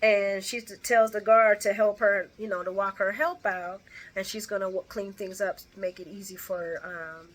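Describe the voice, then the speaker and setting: A woman's voice: mid-range voice, steady tone, normal speed. A woman casually recapping a soap opera episode, rambling with restarts and asides. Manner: chatty, rambling with frequent restarts and laughs.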